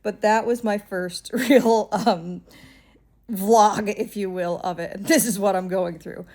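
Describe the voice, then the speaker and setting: A woman's voice: medium pitch, steady tone, slow, a little mellow. A woman telling a story in a casual vlog, rambling and exasperated with a wry edge and lots of fillers. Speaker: vlogger.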